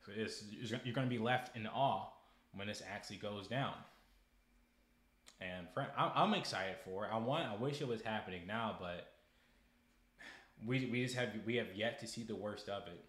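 A young man with a fairly low voice talks through a casual podcast monologue, stumbling over and repeating words as he turns preachy and heated. His voice rings around an echoey room. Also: normal speed, pauses often, a bit bright. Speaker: podcast host.

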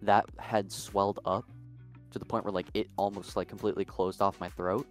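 A man's voice: on the low side, little pitch movement, normal speed, soft background music. A young man co-hosting a podcast, telling a long story in a casual, rambling way full of fillers. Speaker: podcast co-host.

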